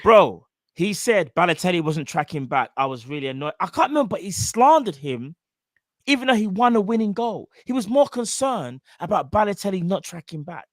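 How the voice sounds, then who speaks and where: A man, hosting a casual football chat in an animated, slangy, jokey way. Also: high voice, fairly quick, no echo, clean studio sound. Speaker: show host.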